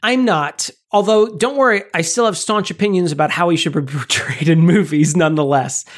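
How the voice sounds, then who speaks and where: A man's voice: high voice, brisk. A man co-hosting a podcast, chatting casually and wryly about a movie with strong joking opinions. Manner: wry, jokey, opinionated. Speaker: podcast co-host.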